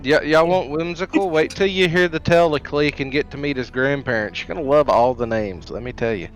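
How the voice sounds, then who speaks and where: Laid-back joking man, slightly high voice. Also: brisk, faint music behind, rough recording. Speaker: player. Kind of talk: casual chat at a tabletop game.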